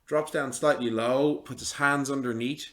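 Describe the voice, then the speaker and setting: A man with a bright, clear-toned voice runs a tabletop game as its game master. He narrates at an easy pace, stopping often for ums. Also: mid-range voice. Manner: relaxed, halting with frequent ums.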